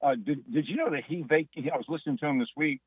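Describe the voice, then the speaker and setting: A man's voice: fairly high pitch, fast talker, husky, no room sound. Male caller on a tinny phone line. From Pearland, Texas area. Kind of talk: comedic call-in story.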